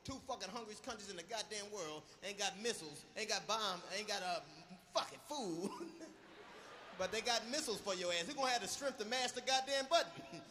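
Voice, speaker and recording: A male comedian doing a loud, profane, punchy live stand-up routine. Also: sits high, fairly quick, noisy background.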